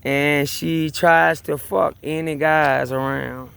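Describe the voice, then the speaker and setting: A man's voice: fairly high pitch, fairly even intonation, takes it slowly, creaky, a bit bright, clear, resonant tone. A man telling a story in a rambling personal rant, agitated and profane, repeating himself and restarting sentences. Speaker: vlogger.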